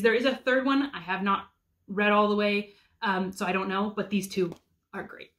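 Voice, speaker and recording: Chatty mom sharing favorite books. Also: female voice, a little high, fairly bright tone. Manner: chatty, frequent ums, enthusiastic. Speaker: homeschool mom reviewing picture books. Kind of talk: casual book recommendations.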